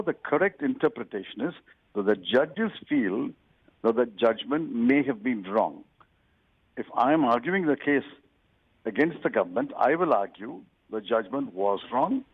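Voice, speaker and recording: An older man, a political guest, giving deliberate, lawyerly interview answers and stressing key words. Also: mid-range voice, husky, no room sound. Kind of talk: measured televised interview answers. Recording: tinny phone-like line.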